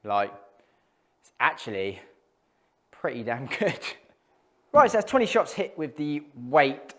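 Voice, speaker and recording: A man's voice: medium pitch, very animated, measured pace, fairly bright tone. A man talking casually between shots as he tests golf clubs in an indoor studio, thinking aloud and reacting to each hit. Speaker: golf club tester. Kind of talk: casual hitting commentary.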